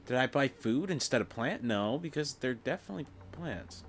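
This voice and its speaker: A man's voice: mid-range voice, lively intonation, normal speed, soft background music. Frustrated young man swearing at a game. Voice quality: voice cracking. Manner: frustrated, swearing, muttering to himself. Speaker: gameplay streamer. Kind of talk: casual gameplay commentary.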